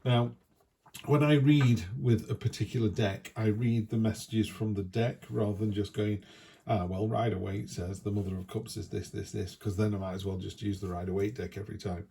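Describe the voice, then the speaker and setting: A man talks through a weekly tarot reading in a chatty, reassuring manner. His voice is low, gravelly and husky. It has a dark, mellow tone. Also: fairly even intonation, normal speed. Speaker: tarot reader.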